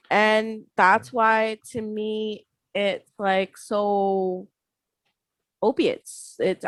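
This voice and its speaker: A woman's voice: mid-range voice, no room sound, low-quality recording. A woman co-hosting a podcast in casual chat, rambling, giggling and making silly sound effects. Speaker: podcast co-host.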